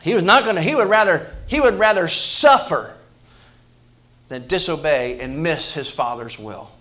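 A man preaching a sermon to his church, moving between loud emphasis and hushed asides, often repeating words and restarting phrases. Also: on the high side, lively intonation, moderate pace. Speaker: pastor.

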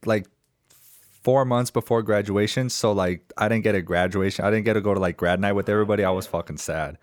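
A man's voice: fairly low pitch, brisk, no room sound, studio quality. A man from Southern California speaking laid-back and frank about his past in casual chat.

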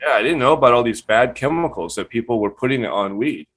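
A man speaks as a guest on a live online show. He tells stories in a casual, profane way and jumps into the voices of people he quotes. His pitch sits in a middle range for a man. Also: fast, breathy edge. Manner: profane, animated, acts out quotes. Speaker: guest cannabis breeder. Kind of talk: casual storytelling.

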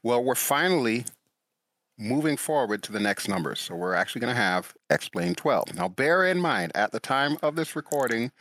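A man's voice: mid-range voice, normal speed, no echo. A man co-hosting a flight simulation podcast, chatting casually and telling stories in an enthusiastic, joking way. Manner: enthusiastic, jokey, animated storytelling. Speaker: podcast co-host. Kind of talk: casual chat.

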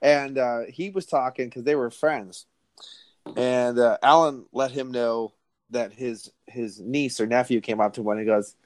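A man co-hosting a casual film podcast, blunt and animated, swearing casually. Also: medium pitch, unhurried, dry recording. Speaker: podcast co-host. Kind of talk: casual movie discussion.

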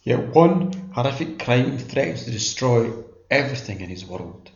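A man reading a book blurb in a slow, dramatic manner. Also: mid-range voice, lively intonation, vocal fry, darkish tone, echoey room, highs cut off. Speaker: audiobook blurb announcer. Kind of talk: scripted narration.

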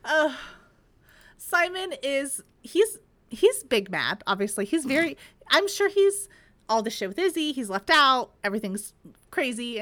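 Brief: a woman co-host recapping a chapter, brightly and profanely, with lots of giggles. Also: a little high, no room sound. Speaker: podcast co-host. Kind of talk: casual book-discussion chat.

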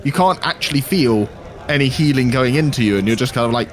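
A man's voice: mid-range voice, fairly quick. A man running a tabletop game as game master, narrating casually and thinking aloud.

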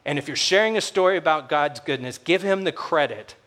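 A male pastor gives a sermon with a somewhat high voice. He tells his stories like casual conversation and slips into the voices of the people he quotes. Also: a little fast, fairly bright tone.

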